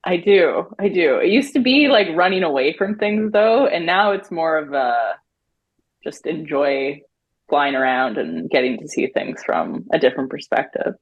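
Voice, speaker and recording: A woman host asks her guest questions in a relaxed chat and laughs often. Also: low-pitched, normal speed, slightly rough, phone-quality sound. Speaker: podcast host. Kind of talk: casual interview chat.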